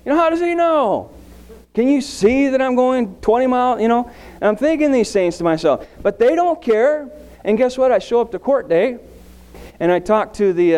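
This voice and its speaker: A middle-aged man preaching a sermon, asking the congregation questions and telling a personal story. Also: high-pitched. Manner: animated preaching with anecdotes and audience questions. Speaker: pastor.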